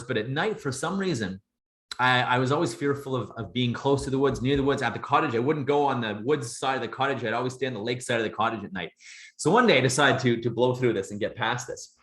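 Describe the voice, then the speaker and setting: A man's voice: mid-range voice, roomy sound. A man coaching a business masterclass, speaking earnestly and often repeating words as he tells stories. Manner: earnest, repeats himself, lively storytelling. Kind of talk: recorded masterclass talk.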